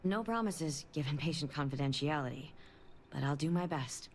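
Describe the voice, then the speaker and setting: A woman voicing a guarded doctor in a video game, polite, measured and reserved. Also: sits low, expressive, a little hiss or hum. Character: guarded female doctor bound by confidentiality.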